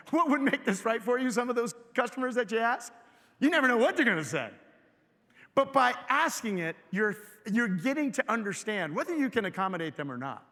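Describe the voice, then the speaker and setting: A high, lively male voice with a bright, forceful edge. He delivers a keynote to a live audience, firing questions at the crowd and pulling them in. The sound carries a long hall reverb. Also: a little fast. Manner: energetic, engages audience with questions. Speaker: keynote speaker. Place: large hotel event hall.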